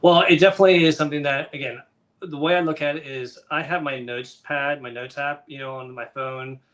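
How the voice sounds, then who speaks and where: A middle-aged man, a children's book author and guest on a live show, telling stories in a lively way and acting out the voices of the people in them. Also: a little high, fairly quick. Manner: animated, acts out the voices of others in his stories. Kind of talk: conversational interview storytelling.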